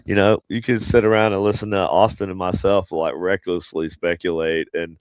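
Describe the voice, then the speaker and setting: Man, podcast host, rambling and jokey, smooth low voice, dry slightly dull recording. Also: level tone, normal speed, no echo. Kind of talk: casual chat.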